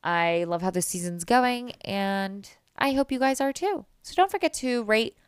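A woman's voice: mid-range voice, lively intonation, unhurried, clear, resonant tone, no room sound, studio quality. A woman podcast host with a stuffy nasal voice, chatting casually and giving opinions on a reality show, with fillers and trailing thoughts. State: nasal from a cold.

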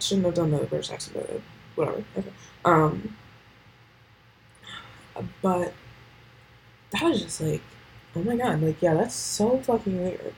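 A woman's voice: fairly low pitch, gravelly, a little mellow, a little hiss or hum, rough recording. A teenage girl hosting a casual solo podcast, rambling with lots of fillers and swearing. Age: teens. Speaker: podcast host.

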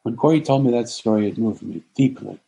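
A man's voice: mid-range voice, brisk, vocal fry, mellow, rough recording. A man telling an inspirational story in an earnest, emphatic way, stacking repeated phrases. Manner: earnest, repetitive, emphatic lists. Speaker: speaker.

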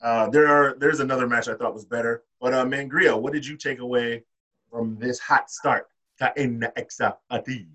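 A man's voice: mid-range voice, steady tone, normal speed, bright, forceful tone. A man hosting a podcast, casually recapping wrestling from his notes with loose, profane talk. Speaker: podcast host.

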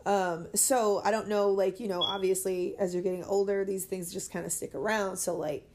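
A woman's voice: medium pitch, fairly even intonation, normal speed, noisy background. Young woman, podcast guest, casual chat, giggly and talkative. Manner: chatty, laughs easily, many fillers.

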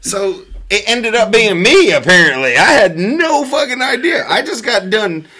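A man telling a story in a casual chat, animated and profane, often laughing. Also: sits high, normal speed, crowd noise. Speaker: storyteller among friends.

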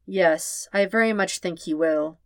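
A woman's voice: fairly low pitch, unhurried, no room sound, close to an everyday voice. Woman voicing a grave, weary old man. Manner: formal, grave, quiet. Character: gentle weary old man, soft-spoken and formal.

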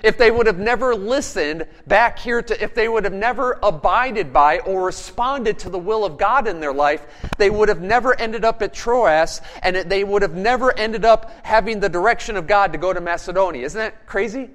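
A man preaching a sermon as pastor, animated and firing rhetorical questions at his congregation. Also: high-pitched, normal speed.

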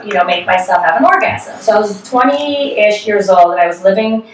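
A woman's voice: medium pitch, brisk, heavy reverb, recorded from a distance, crowd noise, low-quality recording. A woman in her thirties hosting a podcast, chatting frankly with lots of fillers and restarts. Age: 30s. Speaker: podcast host. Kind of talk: casual candid chat.

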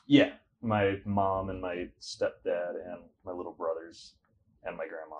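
A young man with a notably deep, low voice talks as a guest on a casual podcast. He rambles easily through his story with plenty of fillers and slips in dry, sarcastic asides. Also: flat delivery, measured pace, lo-fi sound, slight background noise. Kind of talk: casual interview chat.

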